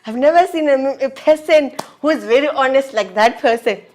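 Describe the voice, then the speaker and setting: A woman's voice: high voice, normal speed. Candid South African woman telling a story. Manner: candid, animated, slangy storytelling. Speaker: vlogger. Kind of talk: personal storytelling.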